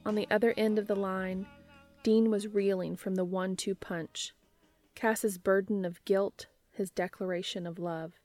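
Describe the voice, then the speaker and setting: A woman narrating a romance audiobook in a soft, unhurried reading voice. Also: mid-range voice, steady tone, faint music behind.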